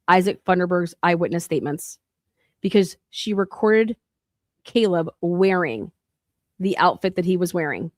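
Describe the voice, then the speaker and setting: A woman's voice: lowish voice, a little mellow, no room sound, clean studio sound. A woman podcast host delivering a heated, profane rant in an angry monologue.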